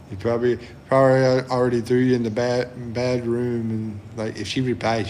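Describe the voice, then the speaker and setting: A man hosting a livestream, reading chat comments aloud and chuckling often in a relaxed way. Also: mid-range voice, normal speed, slight background noise. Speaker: livestream host.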